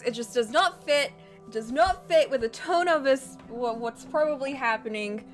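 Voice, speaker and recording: A woman's voice: high voice, normal speed, faint music behind. A woman streamer reading a story aloud in a casual way, with playful, chatty asides.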